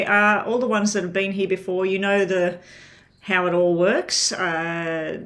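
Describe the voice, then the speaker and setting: A woman reading tarot on a live stream, chatting loosely to her viewers and talking while she eats. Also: on the low side. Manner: rambling, chatty, talks while eating. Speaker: tarot reader. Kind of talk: casual livestream chat to viewers.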